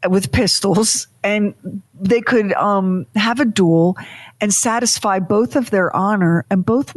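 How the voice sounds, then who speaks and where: Co-host, woman, mid-pitched voice, theatrical storyteller in casual chat. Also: no room sound. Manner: dramatic, vivid storytelling with emphatic pauses. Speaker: podcast co-host.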